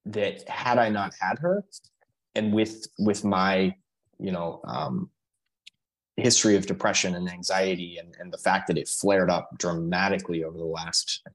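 A man speaking as a podcast guest in casual conversation, earnest and halting, with many fillers and restarts. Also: low voice, low-quality recording.

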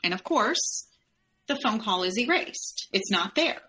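A woman's voice: mid-range voice, lively intonation, unhurried, bright, forceful tone, poor audio. A woman, a podcast guest, telling a personal story step by step in the present tense.

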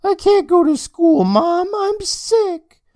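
Squeaky grumpy little boy. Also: sing-song, takes it slowly, a little mellow, no room sound, clean studio sound, heavily acted. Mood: whiny. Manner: squeaky, whiny and annoyed. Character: young boy, grumpy sleepy little brother.

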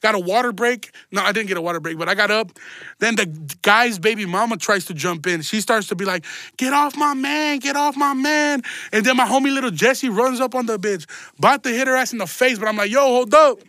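A man's voice: high voice, fast, bright, forceful tone, no echo, studio quality. A young man hosting a podcast, telling a long story in casual, slangy, profane talk and laughing along the way. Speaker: podcast host.

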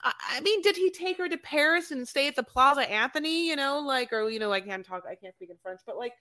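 A woman recaps a reality show on a podcast in loose, gossipy chat. Her voice sits a little high and rings bright. She swears freely and calls people "honey". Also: lively intonation, quick pace. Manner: gossipy, profane, sprinkles in "honey". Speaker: podcast co-host.

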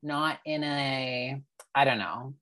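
A woman's voice: rumbling low, slow, a bit bright. A woman in casual gossipy chat, chatty and joking. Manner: chatty, gossipy, does mocking impressions.

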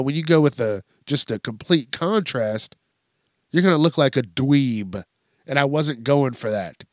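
Man, podcast host, profane comedic rant, unhurried delivery, dry sound. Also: medium pitch, no echo. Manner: crude, swearing constantly, laughing at his own jokes.

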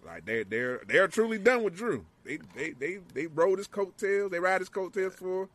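A man in casual podcast chat, excitable and profane, acting out moments with yells. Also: high voice, normal speed. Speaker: wrestling show co-host.

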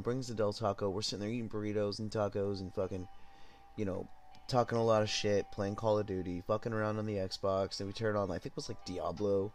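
A young man hosting a podcast, telling a story in a rambling, profane, laid-back way while high. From Southern California. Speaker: podcast host. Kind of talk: casual storytelling.

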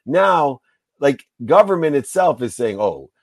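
A man's voice: medium pitch, brisk, dry recording. Joking fifties man hosting a podcast. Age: 50s. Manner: animated, joking, swears freely. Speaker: podcast host. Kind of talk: casual interview chat.

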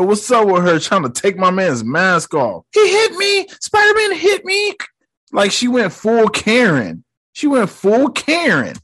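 A man's voice: a little high, a bit bright, slightly rough. A young man hosting a podcast, recapping a movie in casual slang and mocking the characters in quoted voices. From United States. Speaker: podcast host.

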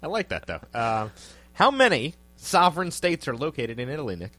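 A man's voice: fairly high pitch, big pitch swings, fairly quick, bright, forceful tone. A man co-hosting a trivia podcast in casual chat. He laughs often and jokes around loosely.

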